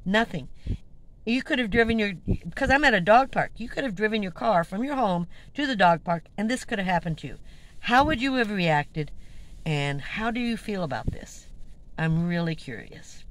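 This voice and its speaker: A woman who lives in a van talks to her viewers about something that happened to her. Her voice rises and falls in a lively way, and she sounds indignant and animated. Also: lowish voice, a little hiss or hum, poor audio. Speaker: van-dwelling vlogger. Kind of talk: casual storytelling to camera.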